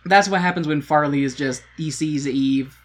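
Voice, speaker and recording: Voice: medium pitch, normal speed, crowd noise. A podcast co-host recapping a musical in casual chat, joking, swearing and rambling. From United States. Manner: joking, profane, rambling storytelling.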